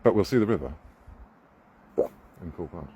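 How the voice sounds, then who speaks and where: A man's voice: sits low, animated, unhurried, mellow, lo-fi sound, slight background noise. A man outdoors on a walk, playfully coaxing and chatting with his pet raven. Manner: coaxing, playful, talks to the bird.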